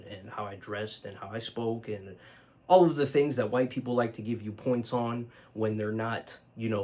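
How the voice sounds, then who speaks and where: A man's voice: lowish voice, slight background noise. A man telling a personal story to camera in a loose, conversational way, with lots of fillers and casual swearing. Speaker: vlogger.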